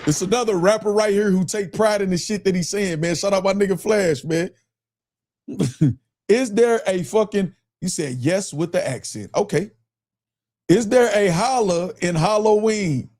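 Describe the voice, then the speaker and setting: Hosting a live stream, an animated Midwestern man with a Michigan accent reads chat messages aloud, laughs a lot, and repeats the same question again and again. His commentary is loose and casual, his voice high for a man, and his pace a little slow.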